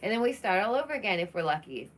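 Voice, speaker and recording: A woman's voice: medium pitch, very animated, fast talker. A young woman chatting casually and outspokenly through a true crime commentary vlog, laughing often.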